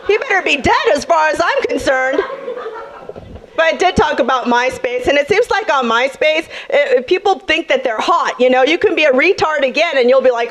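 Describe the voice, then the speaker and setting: A woman's voice: very high-pitched, animated, moderate pace, a bit bright. A young woman doing a brash, sassy stand-up set on a comedy club stage, talking straight to the crowd.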